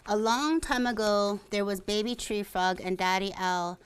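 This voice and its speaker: A woman storyteller reading stories aloud in a library, slow and careful. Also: mid-range voice, steady tone, clean tone.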